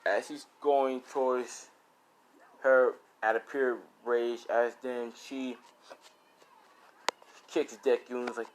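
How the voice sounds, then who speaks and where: A man narrates a made-up fan story slowly and unhurriedly, rambling along with constant fillers. There is faint noise behind him. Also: medium pitch, flat delivery. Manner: rambling, full of "you know".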